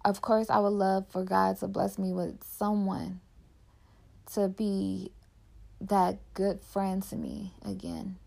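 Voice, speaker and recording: A woman's voice: medium pitch, little pitch movement, slow pace, vocal fry, a little mellow. A young woman podcaster talking candidly and heartfelt in casual personal reflection, filling her talk with "like". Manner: candid and heartfelt, heavy use of "like".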